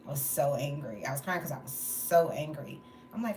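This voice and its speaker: Low-voiced woman venting on a livestream. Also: lively intonation, fairly quick, darkish tone. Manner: candid, venting, laughing between stories. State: tired from no sleep. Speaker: livestream host. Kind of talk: casual livestream monologue. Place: indoors at home, late at night. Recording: roomy echo, faint background noise.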